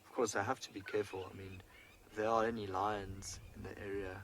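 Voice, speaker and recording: A man's voice: on the low side, level tone, fairly quick, a bit bright, a little hiss or hum, poor audio. A man working as a safari guide, explaining animal behaviour and answering viewer questions on a live broadcast from outdoors in the bush. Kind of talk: live wildlife broadcast commentary. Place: outdoors on a game drive in the bush.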